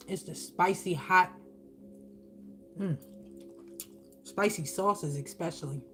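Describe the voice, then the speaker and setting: Woman, spiritual reader, casual and profane, low voice, faint music behind. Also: takes it slowly, long pauses. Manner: casual, profane, lively and blunt. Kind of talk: channeled reading while eating on camera.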